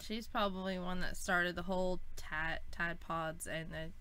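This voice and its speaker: A woman's voice: lowish voice, steady tone, a little slow, crowd noise. A woman co-hosting a casual talk show, joking and teasing with the group. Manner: joking, puts on a mock English accent. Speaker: podcast co-host. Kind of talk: casual banter.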